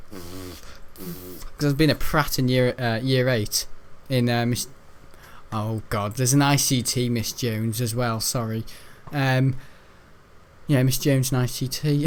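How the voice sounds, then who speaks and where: This gaming video host, a young Brit, tells a rambling school story between giggles during casual gameplay commentary. His voice is mid-range, with a little hiss or hum in the recording.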